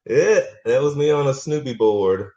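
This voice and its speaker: A man's voice: medium pitch, expressive, normal speed, mellow, lo-fi sound. A man joining a casual livestream beside the host, playful and teasing, heard from off-mic in a roomy space. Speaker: co-host partner.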